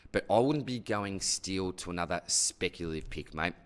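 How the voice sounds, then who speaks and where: At a normal speed and with a clean tone, a deep-voiced Australian fantasy sports host runs a relaxed mailbag Q&A for his listeners. Conversational and matey, he speaks to each one like an old friend and tacks "mate" or "buddy" onto most of his sentences.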